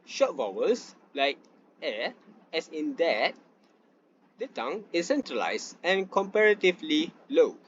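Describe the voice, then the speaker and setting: A young man giving a student class presentation, reading from slides with pauses and restarts. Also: fairly high pitch, very animated, highs cut off, slight background noise. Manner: reads from slides with frequent fillers and restarts.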